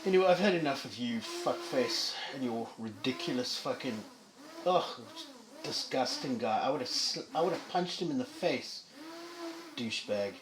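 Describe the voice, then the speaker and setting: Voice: medium pitch, lively intonation, moderate pace, noisy background. A vlogger delivering an angry, profane solo rant to viewers, with heated stammering restarts.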